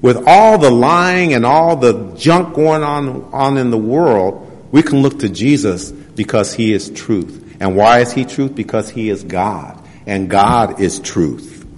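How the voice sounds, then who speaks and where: A man preaching a sermon. He reads scripture passages slowly and presses his points with rhetorical questions. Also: medium pitch. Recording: long hall reverb.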